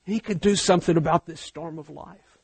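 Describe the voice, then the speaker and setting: A man preaching a sermon, swinging from hushed, slow passages to loud, fervent ones. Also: fairly high pitch, steady tone, creaky, husky, dry recording.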